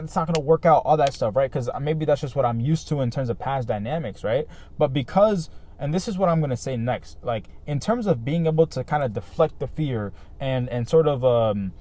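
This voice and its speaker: Talking to his viewers in a relaxed, reflective vlog, this man rambles earnestly, leaning on fillers and tacking "right?" onto his lines. His pitch sits fairly high, with a darkish tone.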